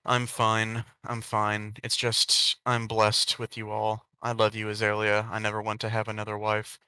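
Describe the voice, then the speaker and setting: A man's voice: on the low side, completely flat delivery, normal speed, sharp tone, clean tone, no room sound. A man voicing an emotional middle-aged nobleman father in a fan story he reads aloud. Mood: sentimental. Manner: sentimental.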